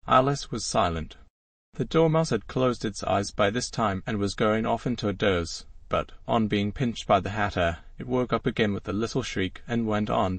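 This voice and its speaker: A man narrating an audiobook in an even storytelling manner. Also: lowish voice, moderate pace, gravelly, no echo, far from the mic.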